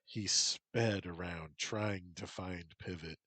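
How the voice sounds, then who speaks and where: A man narrates a story in a slow, steady reading. His voice is deep and husky. The sound is dry and close. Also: no echo, low-quality recording.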